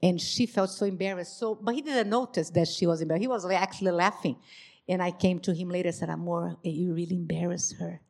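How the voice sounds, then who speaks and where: A woman whose first language is Portuguese, giving a church talk on marriage and acting out dialogue with lively emphasis. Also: on the low side, fast talker. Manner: animated, acts out quoted dialogue. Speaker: marriage ministry speaker.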